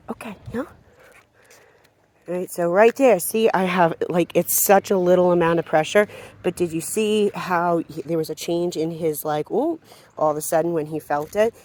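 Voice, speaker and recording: A woman's voice: low-pitched, a little mellow. A woman dog trainer explaining leash work outdoors in a casual, chatty way. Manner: casual, explanatory, talking to a dog between points. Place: outdoors on a walk.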